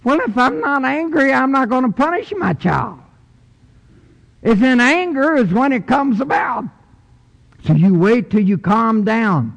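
A man's voice: extremely high pitch, expressive, unhurried, gravelly. Emphatic man preaching in a reverberant hall. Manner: emphatic, swings from loud to soft. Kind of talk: sermon. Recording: long church reverb.

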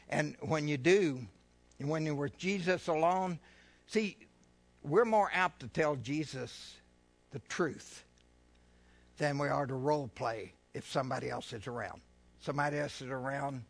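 A man preaching a sermon, reading scripture slowly and loudly and then explaining it in a quieter, conversational voice. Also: creaky, no echo. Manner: reads scripture slowly and loudly, asides in a lower voice; addresses listeners as folks, with fillers.

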